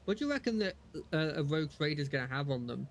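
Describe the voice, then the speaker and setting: A man's voice: a little high, sing-song, fast, a little hiss or hum. A man casually commenting as he plays a game live, chatting between lines of dialogue he reads aloud. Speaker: streamer.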